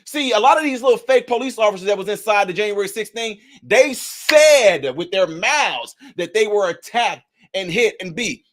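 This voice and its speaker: High-voiced man in heated rant. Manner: heated, preachy, rising to shouts. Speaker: political commentary vlogger. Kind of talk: ranting video commentary.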